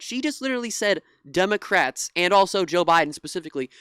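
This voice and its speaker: An indignant young commentator reacts to a clip. The voice is smooth and clear, recorded close and dry. Frustration spills into restarts and the odd curse. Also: mid-range voice, a bit bright, no echo. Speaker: political commentary YouTuber.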